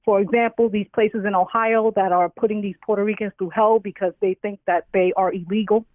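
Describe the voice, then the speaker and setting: A woman's voice: medium pitch, steady tone, brisk, dry recording. A woman guest in a casual interview, talking bluntly and acting out other people's voices. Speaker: podcast guest. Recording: tinny phone line.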